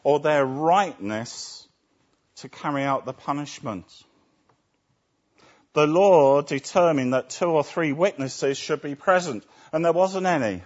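Slow, measured male preacher. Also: a little high. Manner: asks rhetorical tag questions. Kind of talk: sermon. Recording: dull lo-fi recording.

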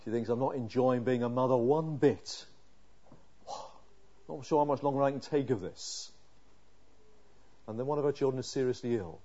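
Reading scripture and voicing the psalmist's prayers, a man preaches with a range that swings from soft pleading to loud, impassioned emphasis. He speaks at a normal speed in a mid-range voice, pausing often, and the sound is lo-fi.

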